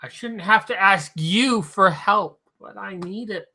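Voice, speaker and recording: Slow, slurred drunk man streaming. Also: sits high. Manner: slurred, halting speech; talks softly at times. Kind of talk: drunken livestream monologue.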